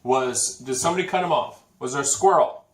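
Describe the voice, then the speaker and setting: A man's voice: mid-range voice, brisk, recorded from a distance. A man co-hosting a casual chat show, adding dry joking asides. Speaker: podcast co-host. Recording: echoey room, off-mic.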